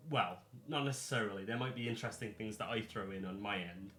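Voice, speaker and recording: A man's voice: fairly low pitch, fast talker, pushed and bright, soft background music. A man acting as dungeon master in a casual, rambling chat while preparing a tabletop game. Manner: rambling, self-correcting, chatty. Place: home. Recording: echoey room.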